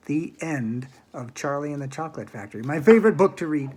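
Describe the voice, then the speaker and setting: A man reading a children's book aloud at home, in a plain, unhurried way with small slips. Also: fairly high pitch, animated, a little mellow, slight background noise. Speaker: storyteller.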